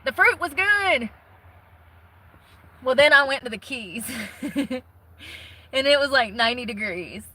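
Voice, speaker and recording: A woman's voice: sits high, lively intonation, unhurried, long pauses, sharp tone, poor audio. A woman vlogging from the car she lives in, rambling bluntly and cursing, a little out of breath. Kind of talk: casual chat.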